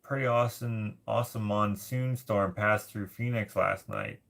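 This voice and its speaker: A man from Canada hosting a casual livestream, reading viewer comments aloud and rambling as he thinks out loud. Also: lowish voice, unhurried, creaky. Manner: rambling, thinks out loud while searching things up. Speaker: livestream host.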